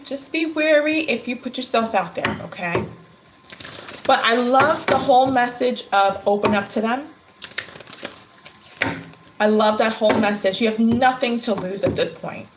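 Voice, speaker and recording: A woman reading tarot cards on a casual livestream, chatty and quick to laugh. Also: fairly high pitch, noisy background. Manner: chatty, laughs often, animated storytelling. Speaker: tarot reader.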